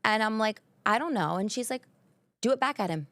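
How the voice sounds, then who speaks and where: A woman's voice: on the high side, animated, brisk, fairly bright tone, no room sound. A woman with an accent co-hosting a casual chat, telling stories animatedly and acting out quoted voices. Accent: non-native English. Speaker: podcast co-host.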